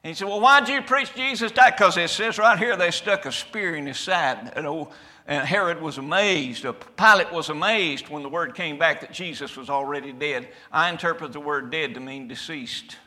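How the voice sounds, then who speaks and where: A man preaching a fiery sermon, swinging from loud shouted climaxes to quiet, low passages. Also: normal speed. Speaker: pastor. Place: church sanctuary.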